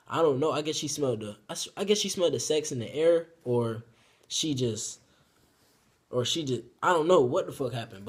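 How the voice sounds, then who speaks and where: A young man telling a crude personal story in a casual story-time vlog, rambling and profane with loud outbursts. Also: mid-range voice, breathy edge.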